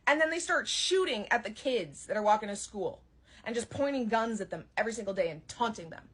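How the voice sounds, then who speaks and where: Young woman, higher voice with a husky edge, heated and sarcastic, swearing freely. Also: lively intonation, brisk, a bit bright. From Canada. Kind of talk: ranting monologue.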